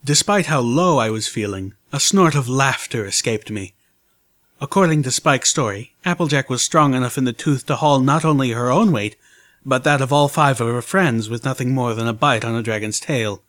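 A man narrating a fan-made audiobook in the first person, his pitch sitting in the middle of the male range. His reading is measured and steady, with a storyteller's pacing.

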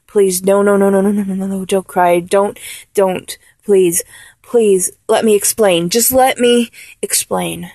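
A woman in a one-sided audio role-play, talking in a halting, stammering, apologetic way. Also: mid-range voice, fairly even intonation, dark tone, dry recording. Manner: halting, stammering, with many restarts.

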